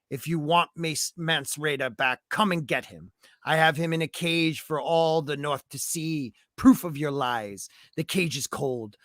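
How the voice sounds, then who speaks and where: A man voicing a cruel young male lord, reading out a threatening letter slowly in a put-on accent. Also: a little high, gravelly, fairly bright tone, no echo, clean studio sound.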